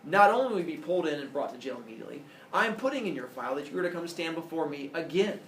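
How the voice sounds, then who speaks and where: A man doing a booming stern old judge. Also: lively intonation, very fast, fairly bright tone, a little hiss or hum. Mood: forceful. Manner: booming, emphatic lecturing. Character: stern older male judge laying down the law. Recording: echoey room, voice from far off.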